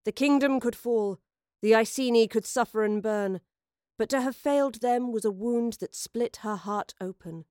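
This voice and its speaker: A woman narrating an audio drama in a measured, dramatic storytelling manner. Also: fairly high pitch, darkish tone, no room sound, studio quality.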